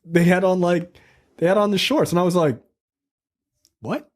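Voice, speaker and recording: A man's voice: high-pitched, steady tone, a little fast. A man co-hosting a film review podcast in casual, profane, joking chat, acting out quotes.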